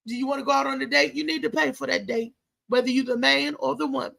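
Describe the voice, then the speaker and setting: A woman's voice: sits high, fairly even intonation, fast talker, vocal fry, fairly bright tone. A middle-aged woman, hosting a live show in a chatty, emotional, preachy way. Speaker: host. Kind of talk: casual live show talk.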